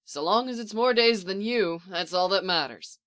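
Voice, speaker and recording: A reader voicing a calm, possessive clone commander man with a low, dry teasing way of talking. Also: moderate pace, clean tone, close to an everyday voice. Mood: smirking, murmuring.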